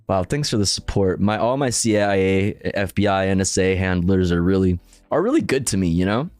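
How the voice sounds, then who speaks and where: Man, livestreamer, profane, laughs a lot, animated pitch, slow pace, dry audio. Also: dry recording, soft background music. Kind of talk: casual stream commentary.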